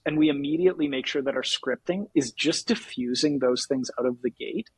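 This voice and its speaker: A Canadian man with a slightly husky, breathy voice, chatting with energy in a casual podcast. He laughs easily and acts out sales calls in lively quotes. The sound is dry and close to the mic. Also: mid-range voice, fairly quick, no room sound, poor audio. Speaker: podcast guest, sales executive.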